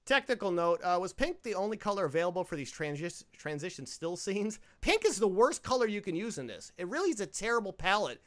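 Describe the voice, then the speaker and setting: A man hosting a podcast, ranting sarcastically and swearing as he reviews a low-budget film. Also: sing-song, quick pace, hardly any pauses, fairly bright tone. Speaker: podcast host. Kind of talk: casual movie-review banter.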